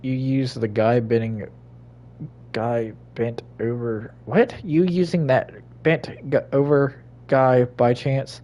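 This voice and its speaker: A man giving casual, swear-filled commentary while he plays a game, talking to himself, laughing and breaking into sudden loud outbursts. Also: medium pitch, fairly even intonation, takes it slowly, highs cut off. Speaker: gaming streamer.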